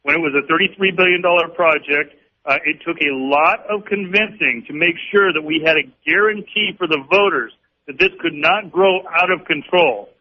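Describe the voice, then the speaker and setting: A man who is a congressman, answering a radio host firmly with practiced talking points and frequent pauses, heard over dull lo-fi broadcast audio. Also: a little high. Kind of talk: political radio interview answers.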